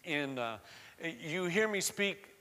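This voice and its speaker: A man's voice: on the high side, animated, slow, pushed and bright, big-room sound. A man from the American South with a slight Southern accent, preaching a sermon in a conversational storytelling way that rises to fervent emphasis. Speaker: pastor.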